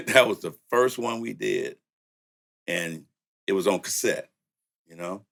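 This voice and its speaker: A middle-aged man with a low voice and a Southern country lilt tells stories as an interview guest. He is relaxed and easygoing, and his pitch jumps up when he acts out old conversations. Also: takes it slowly, gravelly. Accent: Southern US country accent. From Louisiana, raised in the Bay Area. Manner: laid-back, laughing, acts out quotes with rising pitch. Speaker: music producer, guest. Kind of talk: storytelling interview.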